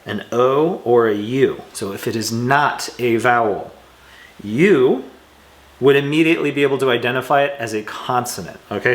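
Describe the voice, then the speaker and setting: A man's voice: mid-range voice, fairly bright tone. Casual man teaching grammar, roomy echo. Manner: casual, self-mocking asides while drawing on screen. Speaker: English teacher. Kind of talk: recorded grammar lesson. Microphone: external shotgun microphone.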